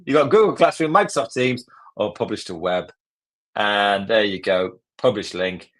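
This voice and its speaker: A man's voice: fairly low pitch, lively intonation, normal speed, fairly bright tone. A man from Northern Ireland leading a live online design lesson in a casual, chatty way, thinking aloud as he works. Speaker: tutor.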